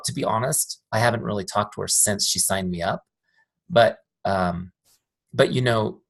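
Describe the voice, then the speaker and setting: A software founder with a fairly low, gravelly, slightly rough voice gives a casual live training over a video call. He's chatty and tells stories, often asking "make sense?" to check that his listeners follow.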